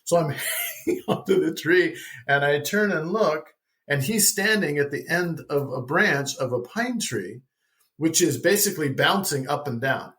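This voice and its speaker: Animated man telling a personal story. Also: on the high side. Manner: animated, keeps asking "right?"; repeats words when starting a thought. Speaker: podcast guest. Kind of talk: casual storytelling.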